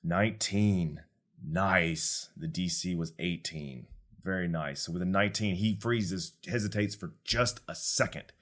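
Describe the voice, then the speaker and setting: A man narrating as game master of a tabletop game, relaxed and descriptive. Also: low voice, measured pace.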